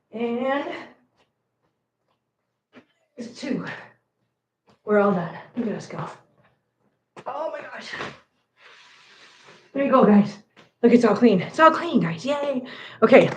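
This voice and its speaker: A cat channel host with a fairly high, darkish voice livestreams from a room at home, counting out cat treats as she chats and playfully scolds her cats. The room is echoey, her voice comes from afar, and there's faint noise.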